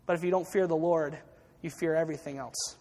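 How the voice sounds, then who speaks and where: High-voiced preacher in a reverberant hall. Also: male voice, steady tone, brisk, mellow. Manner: storytelling with acted quotes, frequent restarts. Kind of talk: sermon.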